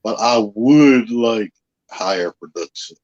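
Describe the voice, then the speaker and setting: A man speaking as a guest in a casual chat, relaxed and nonchalant, with dry sarcasm. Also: mid-range voice, slow pace, no echo. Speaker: guest creator. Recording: dull lo-fi audio.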